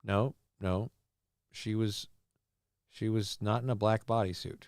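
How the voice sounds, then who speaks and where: A man's voice: lowish voice, fairly even intonation, slow, dry recording, clean studio sound. A man co-hosting a casual live show, reading out chat comments and riffing on them in a jokey, rambling way. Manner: jokey, riffs loudly on viewer comments, rambling. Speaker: livestream co-host.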